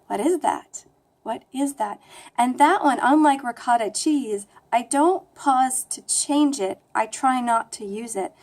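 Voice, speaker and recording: A young woman with a flat American accent, chatting casually to camera in a rambling, self-deprecating way. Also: fairly high pitch, measured pace. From United States. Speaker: language vlogger. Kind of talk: casual talking-to-camera vlog.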